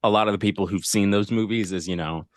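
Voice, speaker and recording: A man's voice: lowish voice, steady tone, fast talker, no room sound. Laid-back male podcast co-host. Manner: laid-back, swears, mocking voices. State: sleepy. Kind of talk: casual chat.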